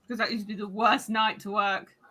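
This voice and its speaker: A woman with a bright, crisp tone and a mid-range pitch, chatting casually. She is matter-of-fact and sets the facts straight. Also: flat delivery, brisk. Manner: matter-of-fact, explains details. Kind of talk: casual chat.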